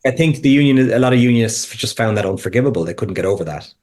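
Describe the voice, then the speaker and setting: A man's voice: medium pitch, expressive, fast talker, darkish tone. A man speaking as a podcast guest, explaining casually while thinking aloud, with frequent restarts and fillers.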